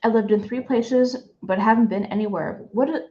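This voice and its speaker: A woman's voice: on the high side, moderate pace. A young woman hosting a live stream, chatty and enthusiastic, often repeating herself. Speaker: streamer host. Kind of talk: casual live-stream chat. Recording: dull lo-fi stream audio.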